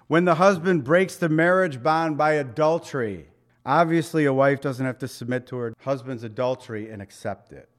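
A middle-aged man preaching a sermon, folksy and conversational, with joking asides and chuckles. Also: a little high. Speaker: pastor.

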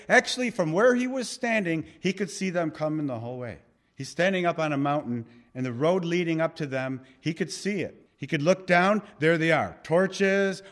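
A middle-aged male pastor preaching a sermon and leading a closing prayer, emphatic with loud peaks that drop back soft. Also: on the high side.

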